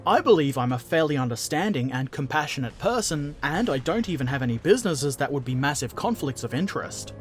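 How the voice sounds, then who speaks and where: A man's voice: on the high side, sing-song, fairly quick, few pauses, faint music behind. A man hosting a gaming channel, casually answering viewer comments with jokes and silly put-on voices.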